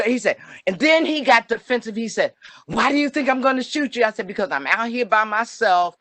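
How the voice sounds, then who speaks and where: An older woman telling a personal story on a video call, animated and acting out the voices she quotes. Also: medium pitch, no room sound. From New Jersey. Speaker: webinar presenter.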